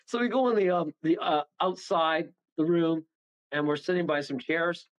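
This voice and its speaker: A man telling a story as a guest medium on a radio talk show, animated and rambling, acting out the voices of the people in it. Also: fairly high pitch, normal speed, rough recording. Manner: animated, rambling, acts out voices, chuckles often.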